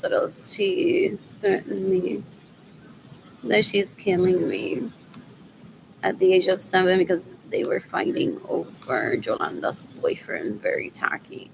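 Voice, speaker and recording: A woman's voice: on the low side, sing-song, unhurried, creaky, noisy background. A woman vlogging in a rambling monologue, repeating herself, drifting between thoughts and muttering asides with Spanish words mixed in.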